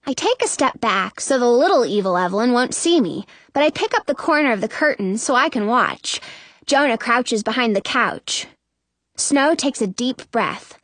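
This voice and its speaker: A woman narrating a children's story in the first person, chatty and expressive. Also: on the high side, normal speed, no echo. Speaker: audiobook narrator.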